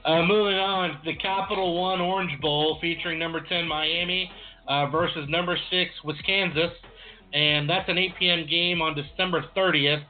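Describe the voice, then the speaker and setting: A man's voice: on the high side, fairly even intonation, normal speed, faint music behind. A man co-hosting a casual sports chat, easygoing and full of uh fillers. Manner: easygoing, filler-heavy with frequent uh. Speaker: sports podcast co-host. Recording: tinny phone-like line.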